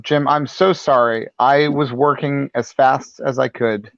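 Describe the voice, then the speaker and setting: Man impersonating a slow, apologetic older director; dull, dry recording. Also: medium pitch, steady tone, vocal fry, dry recording. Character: impression of a famous older film director, man.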